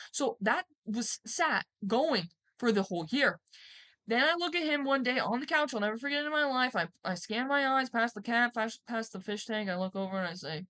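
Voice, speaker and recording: A young woman streamer telling a personal story in a rambling, animated way, swearing and acting out quotes loudly. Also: on the high side. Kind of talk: casual storytime.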